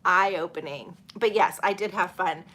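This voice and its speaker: A woman's voice: fairly low pitch, unhurried, pushed and bright. A middle-aged woman, hosting a casual live stream, chatting and laughing as she reads viewer comments. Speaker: channel host.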